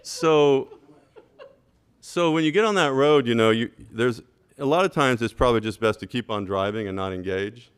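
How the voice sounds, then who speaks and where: A man on a school board, speaking at a meeting and telling an anecdote with lively asides and "right?". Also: medium pitch, normal speed, smooth. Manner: animated storyteller, repeats "right?".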